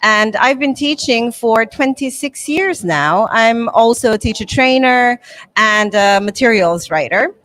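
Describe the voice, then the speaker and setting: A woman's voice: on the high side, expressive, measured pace, a bit bright. A woman in her forties from Bosnia and Herzegovina, a new association president giving an earnest conference interview.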